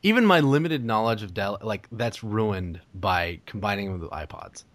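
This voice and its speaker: Brief: man, casual co-host, lively pitch, dry close mic, playful riffing. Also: normal speed, dry recording. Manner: laughing banter, playful questions. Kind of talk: casual chat.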